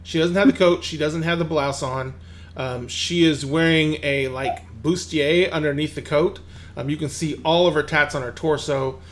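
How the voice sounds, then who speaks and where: A man's voice: on the high side, steady tone, normal speed, a little hiss or hum. A man narrating a tabletop game as game master, rambling with fillers and restarts.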